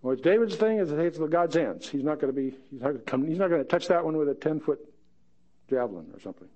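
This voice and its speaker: A man leads a verse-by-verse Bible teaching in a relaxed, conversational way, dropping joking asides between readings. His voice sits a little high and swings widely in pitch, and he reads the scripture quotes dramatically. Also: fast.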